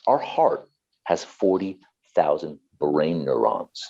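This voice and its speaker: Deep-voiced man preaching about emotions. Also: lively intonation, slow, gravelly, warm tone, dull audio. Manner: passionate, preachy, repeats himself. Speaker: guest, therapist and author. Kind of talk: earnest interview talk.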